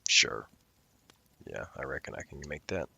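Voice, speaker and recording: A man's voice: a bass voice, sing-song, moderate pace, gravelly, bright, forceful tone, slightly rough, dry recording. A man playing a tabletop game, laid-back and thinking aloud as he takes his turn. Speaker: player. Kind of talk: casual tabletop play.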